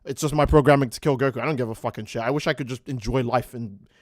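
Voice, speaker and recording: Man voicing a gentle android, lower and laid-back, dry close sound. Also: steady tone, quick pace, no echo, lightly acted. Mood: weary calm. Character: gentle weary male android, nature lover.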